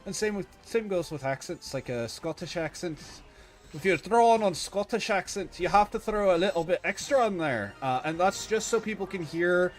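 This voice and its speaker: Male streamer, higher-pitched voice, casual opinionated chat with self-corrections, faint background music. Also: normal speed.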